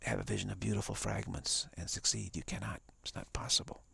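Man, very raspy husky voice, dry close sound, emphatic repetitive spiritual talk, drops into whispers. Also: on the low side, fairly even intonation, quick pace, sharp tone, dry recording. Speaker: spiritual teacher. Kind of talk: live-streamed spiritual talk.

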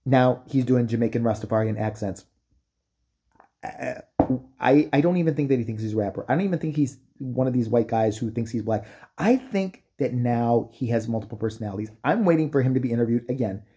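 Fairly quick and mellow with a breathy edge, this mid-range male voice belongs to a comedic commentator. His rant is profane and mocking, punctuated by exaggerated impressions.

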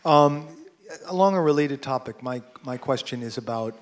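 A man's voice: mid-range voice, expressive, normal speed. A man from the audience asking a question hesitantly, with fillers and repeated words.

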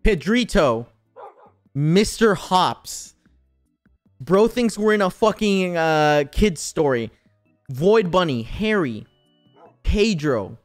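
A man's voice: high-pitched, lively intonation, takes it slowly, pauses often, soft background music. Joking, profane young male streamer. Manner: profane, joking and teasing, bursts into laughter. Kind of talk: casual live-stream chat while gaming.

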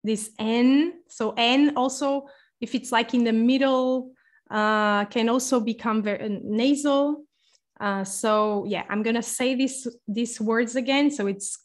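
A young woman with a Portuguese accent teaching phrases in a patient online lesson, repeating words slowly. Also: a little high. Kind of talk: slow explanatory online lesson.

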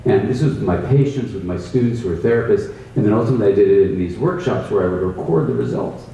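A man with a low, dark, mellow voice explains a contemplative practice and tells stories from his workshops. His delivery is thoughtful and emphatic. He sits some way from the mic in a very echoey room with faint ambient noise. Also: quick pace, highs cut off. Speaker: mindfulness teacher. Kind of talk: reflective conversational explanation. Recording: roomy echo, distant mic, faint ambience.

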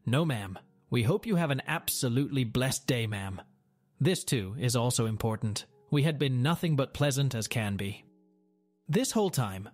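Male store manager reading a story aloud, middle pitch, wry and dramatic, soft music behind.

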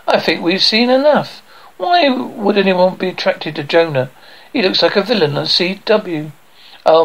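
A man with a slightly raised pitch and a gravelly, creaking edge runs through a sitcom script alone. He takes every part himself in one voice and reads the stage directions aloud between the lines. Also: a bit bright, low-quality recording.

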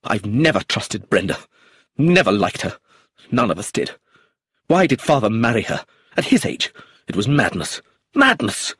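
A man reading aloud plays a volatile middle-aged man in a storybook mystery, his husky voice swinging widely up and down as his temper flares. The sound is dry and close, with no room around it. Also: lowish voice, very animated, normal speed, long pauses, fairly bright tone, dry recording, exaggerated voice. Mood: angry. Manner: bursts into agitated, rising outbursts.

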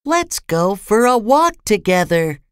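A narrator voicing a tiny cheerful male storybook character, calling up in a small, high voice. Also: very animated, slow pace, a bit bright, smooth, dry recording, clean studio sound. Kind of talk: storybook reading.

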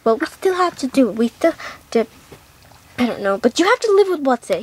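A woman's voice: sits high, sing-song, moderate pace, long pauses, a little mellow. A woman making a doll show, doing every character in playful switching voices, recorded at home. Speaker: doll video maker voicing all characters.

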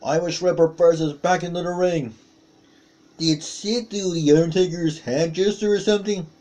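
A man doing play-by-play commentary on a wrestling match, calling out moves with excited exclamations. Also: high voice, moderate pace.

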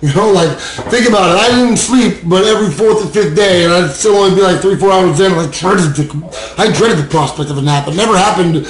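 A man speaking candidly to an audience about addiction and recovery, animated, laughing often and acting out the voices in his head. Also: high voice, a little fast, hardly any pauses, roomy sound, rough recording.

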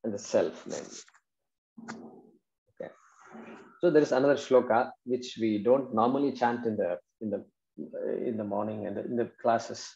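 A man's voice: mid-range voice, moderate pace, gravelly, pauses often, dark tone. A man, patiently explaining Sanskrit verses in a class and checking in with his students. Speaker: Vedanta teacher. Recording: dull, roomy classroom recording.

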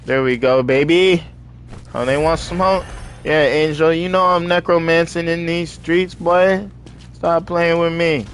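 A young man streaming a video game, chatting casually in heavy slang and telling animated stories between excited outbursts. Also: a little high, unhurried, a little hiss or hum. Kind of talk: casual stream chat while gaming.

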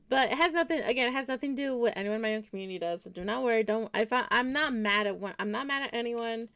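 A woman's voice: medium pitch, creaky, a bit bright. A woman game streamer chatting casually with her viewers while she plays, rambling and correcting herself as she reassures them.

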